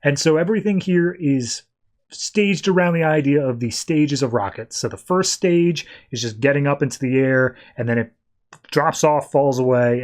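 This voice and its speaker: A man hosting a podcast, casually recapping a comic book issue in a loose, conversational way. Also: mid-range voice. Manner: loose conversational retelling, acting out quotes in a raised voice. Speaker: podcast host.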